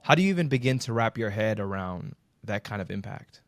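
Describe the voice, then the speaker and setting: A man's voice: on the low side, expressive, a little fast, dry recording. Emphatic man hosting an interview. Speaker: podcast host. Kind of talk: interview questions.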